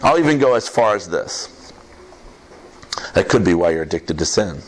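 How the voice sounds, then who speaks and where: Male pastor, lively conversational sermon, very expressive pitch, slight background hiss. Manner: animated, conversational preaching with laughs and quick asides. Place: church service with congregation.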